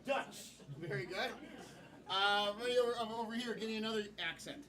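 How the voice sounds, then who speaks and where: A man's voice: high-pitched, quick pace. A man hosting a live improv comedy show, upbeat and taking suggestions from the crowd. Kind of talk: live emcee patter. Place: small comedy theater. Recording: distant mic with audience laughter.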